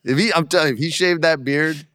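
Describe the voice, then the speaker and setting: A man in his forties, a guest on an interview show, talking casually and telling animated stories that act out the voices of the people in them. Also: fairly high pitch, fast talker, dry recording, clean studio sound. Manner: animated storyteller, acts out quotes. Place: studio in Hollywood.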